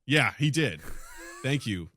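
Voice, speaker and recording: A man in his thirties co-hosting a casual podcast, animated, laughing and swearing as he chats. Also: mid-range voice, slow pace, slight background noise. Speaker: podcast co-host.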